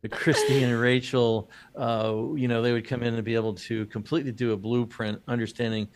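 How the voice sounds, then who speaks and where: This business podcast host has a smooth, medium-pitched voice with little pitch movement and a slightly fast pace. His jokey, rambling chat is full of fillers, and he often restarts.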